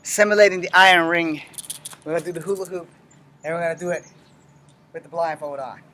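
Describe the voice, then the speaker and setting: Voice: mid-range voice, fairly even intonation, a little fast, sharp tone. A martial arts instructor giving a casual, step-by-step weapons demonstration, blunt and full of cursing. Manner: blunt and profane, with frequent cursing; explains step by step while moving through drills.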